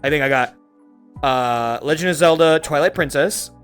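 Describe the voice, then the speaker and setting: A man's voice: on the high side, normal speed, fairly bright tone, clear, resonant tone, soft background music. A man in his twenties from Florida hosting a podcast, telling a long, rambling story full of swearing and fillers. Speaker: podcast host. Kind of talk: casual chat.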